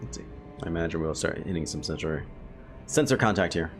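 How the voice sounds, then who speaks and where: Low-voiced and brisk, this gameplay host keeps his intonation lively while casually narrating his own play. He rambles and reasons aloud for his audience, and the game's music can be heard underneath.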